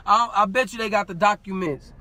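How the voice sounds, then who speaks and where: A man telling a story in casual talk, animated and full of street slang, acting out what people said. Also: high-pitched, brisk. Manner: animated, acts out quoted dialogue, street slang. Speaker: podcast guest.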